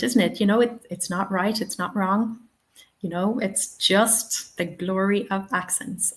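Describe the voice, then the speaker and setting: A woman's voice: mid-range voice, rough recording. A young Irish woman running a live teaching webinar, answering chat questions in a chatty, upbeat way. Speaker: TEFL webinar trainer.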